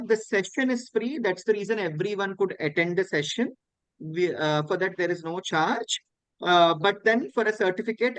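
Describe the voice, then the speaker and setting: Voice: mid-range voice, dry recording, poor audio. A host wrapping up an online training session and giving announcements, taking care to repeat the instructions. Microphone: video call.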